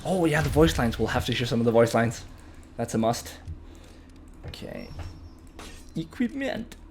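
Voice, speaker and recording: Guy talking over his gameplay, thinks out loud, gets hyped, background noise on the mic. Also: mid-range voice, moderate pace. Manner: thinks aloud, excitable, swears. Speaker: gaming channel host. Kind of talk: gameplay commentary.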